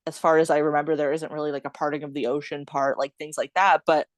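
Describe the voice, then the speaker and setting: Low-voiced woman chatting giggly. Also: flat delivery, fast talker, dry recording, clean studio sound. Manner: chatty and giggly, thinking aloud. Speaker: podcast co-host. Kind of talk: casual chat about a film.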